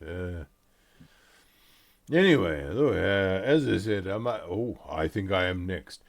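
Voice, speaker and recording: A man's voice: low voice, animated, slow pace, exaggerated voice. A man voicing a huge, welcoming olive merchant who talks in broken, repetitive sales patter. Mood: chatty.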